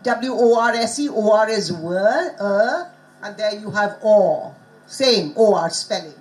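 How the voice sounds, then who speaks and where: A woman giving a lecture at a conference, lively and teasing, often asking her listeners questions. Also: medium pitch, moderate pace, rough recording. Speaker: conference speaker. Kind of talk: lecture to students. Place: conference hall.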